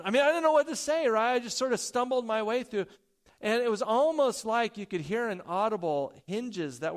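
Male preacher, high voice, animated, loud emphasis then soft asides, stammers when excited. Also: normal speed. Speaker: pastor. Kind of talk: sermon with personal story.

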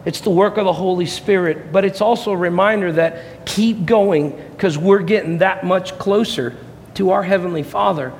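Man, pastor, fervent sermon, high voice, faint room ambience behind. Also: normal speed, a little hiss or hum. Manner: impassioned preaching, rising and falling intensity. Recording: long hall reverb, faint ambience.

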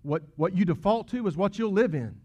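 A man preaching a sermon, earnest and emphatic, swinging between loud peaks and hushed asides. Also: sits high, expressive, brisk, breathy edge. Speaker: pastor. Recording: dull lo-fi sound.

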